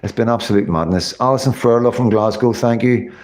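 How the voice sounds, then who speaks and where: A man's voice: mid-range voice, brisk, darkish tone. A tired man, hosting a casual livestream sign-off and thanking viewers by name. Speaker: livestream host.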